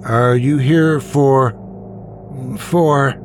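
A man's voice: fairly high pitch, lively intonation, moderate pace, darkish tone, soft background music, lightly acted. A man doing a frightened little girl. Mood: pleading. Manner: pleading, breaking into tears. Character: frightened young girl in hospital gown.

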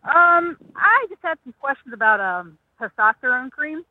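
A woman's voice: high-pitched, sing-song, normal speed, dry recording. A woman in her thirties calling in to ask a question, speaking hesitantly with many fillers. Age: 30s. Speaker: caller. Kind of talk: call-in question. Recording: tinny phone line with faint hiss.

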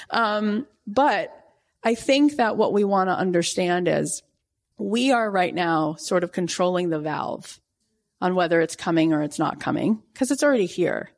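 A woman in her forties hosting a casual motivational talk, animated and acting out her own reactions in quoted asides. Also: mid-range voice. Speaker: podcast host.

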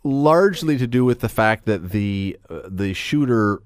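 A man hosts a talk radio discussion in a fairly low voice. He talks in a chatty, animated way, full of quick asides. The studio sound is close and dry. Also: clear, resonant tone, no echo. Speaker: radio show host. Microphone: studio microphone.

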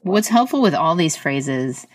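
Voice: mid-range voice, big pitch swings, a little slow, no room sound. Podcast host, casual chat, lots of yeahs, dry close sound. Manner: encouraging, frequent affirmations.

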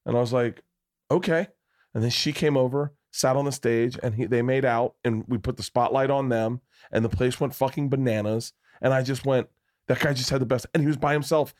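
Animated middle-aged man telling stories. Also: medium pitch, brisk, few pauses. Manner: animated storyteller, acts out quoted voices, swears freely. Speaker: podcast host, comedian. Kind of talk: casual chat, storytelling.

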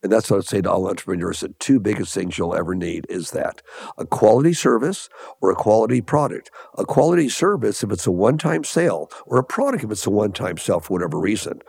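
A man's voice: lowish voice, fast talker, gravelly, breathy edge, dry recording, clean studio sound. An older man from Los Angeles, a guest entrepreneur telling stories in an interview and acting out the dialogue of the people in them. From Los Angeles, USA. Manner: animated anecdotes with lively quoted dialogue. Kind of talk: storytelling interview answers.

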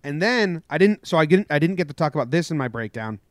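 A man on a casual sports podcast, talking with a slightly raised pitch and lively storytelling. His voice is close and dry, with no room around it. He acts out the shouting of the people in his story. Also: fast, dry recording. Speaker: podcast co-host.

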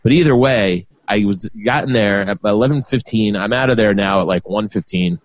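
A man, co-hosting a podcast and telling a long story in a lively way, acting out what everyone said. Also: on the low side, moderate pace, dry recording. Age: 40s. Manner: animated storyteller, acts out quotes. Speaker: podcast co-host. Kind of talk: casual storytelling chat.

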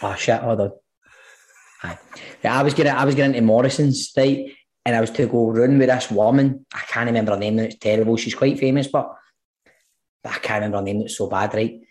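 A Scottish man co-hosting a podcast, telling animated stories with plenty of swearing. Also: medium pitch, a little fast. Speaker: podcast co-host. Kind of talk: casual chat.

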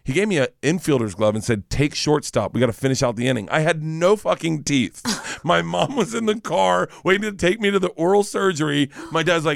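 A middle-aged man, a comedian guest, telling stories in an animated, profane way and acting out the voices, wired on too much coffee. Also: fairly high pitch, brisk, gravelly, no room sound, clean studio sound. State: over-caffeinated, rattling on. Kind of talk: casual storytelling chat.

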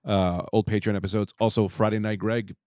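A man's voice: on the low side, level tone, a little fast, a little mellow, dry recording, studio quality. A man hosting a casual comedy podcast, joking crudely and rambling. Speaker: podcast host.

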